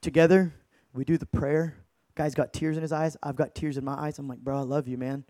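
A man telling a story as an evangelist in an energetic sermon, talking casually with lots of dude and bro and swinging between hushed and loud. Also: a little high, fairly quick, dry recording, clean studio sound. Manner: casual slang-heavy, calls listeners dude and bro.

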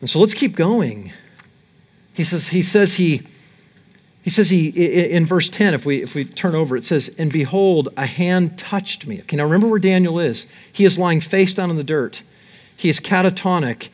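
Middle-aged male pastor, sermon delivery, animated, slightly high voice. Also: normal speed. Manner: animated, reads scripture aloud and acts out Daniel's terror.

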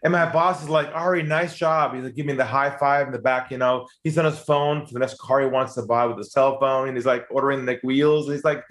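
Animated man telling a story. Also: fast talker, few pauses. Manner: lively, acts out quoted voices, rises in pitch when excited. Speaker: guest telling a sales story.

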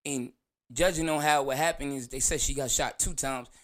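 A man hosting his own show, talking through a casual, profane monologue full of slang and animated storytelling. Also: mid-range voice, moderate pace. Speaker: show host.

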